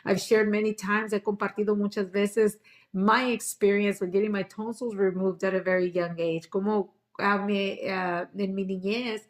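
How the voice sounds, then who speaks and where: A woman's voice: mid-range voice, flat delivery, normal speed. A woman teaching a parenting class, repeating each point in English and with fillers and restarts. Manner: switches between English and Spanish, with fillers and restarts. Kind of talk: bilingual class talk, English then Spanish.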